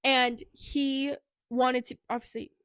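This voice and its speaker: A woman's voice: high voice, little pitch movement, slow, a bit bright, dry recording, studio quality. A woman co-hosting a podcast, casually retelling a book's plot in a chatty way, with plenty of "like" and "anyway". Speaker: podcast co-host. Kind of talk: casual book recap.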